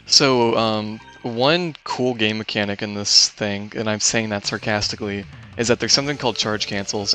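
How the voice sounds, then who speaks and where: A man's voice: lowish voice, sharp tone. A man giving casual live commentary on his own speedrun, explaining game mechanics with many fillers and restarts.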